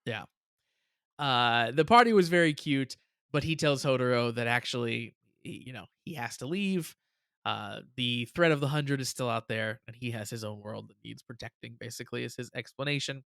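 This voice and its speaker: A man's voice: mid-range voice, normal speed, vocal fry, clean tone, no echo, studio quality. Chatty man co-hosting a reaction show. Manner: chatty, laughs often, animated retelling. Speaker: podcast co-host. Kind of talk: casual reaction chat.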